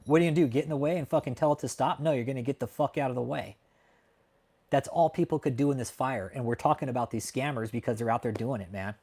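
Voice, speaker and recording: A man's voice: mid-range voice, fast, a little mellow, breathy edge. A man from California hosting a casual livestream chat, talking in a heated, profane, emphatic way and often tacking on "man". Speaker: livestream host. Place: home in Texas.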